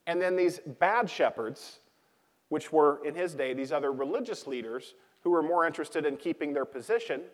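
A man preaching a sermon as pastor, speaking in a loose conversational way with many fillers and repeated key lines. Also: a little high. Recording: long hall reverb.

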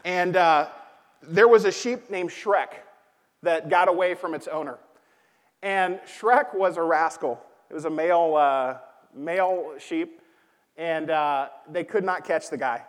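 A man's voice: a little high, unhurried. A man preaching a sermon as pastor, speaking in a loose conversational way with many fillers and repeated key lines. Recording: long hall reverb.

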